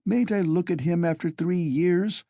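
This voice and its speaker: A man's voice: high-pitched, measured pace, vocal fry, mellow, no room sound, pitched above the performer's own voice. A man doing a timid, anxious mother. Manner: pleading, tearful.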